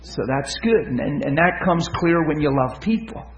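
A man preaching, telling stories to his listeners, swinging from loud excitement to hushed tenderness. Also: a little high, normal speed, roomy sound, rough recording. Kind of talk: sermon storytelling.

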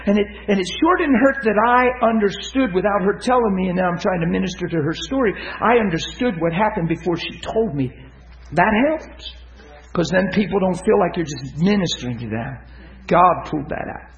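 A man preaching, telling stories to his listeners, swinging from loud excitement to hushed tenderness. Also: high voice, moderate pace, roomy sound, lo-fi sound. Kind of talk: sermon storytelling.

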